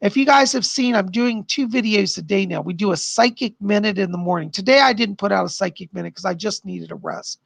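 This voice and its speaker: A bubbly, gushing man chatting casually on a live stream as a psychic host. His voice sits unusually high and is heavily gravelly, with a husky, rough edge. The sound is close and dry, with no room around it. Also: a little fast, few pauses, a bit bright, no room sound. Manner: bubbly, gushing, laughs often.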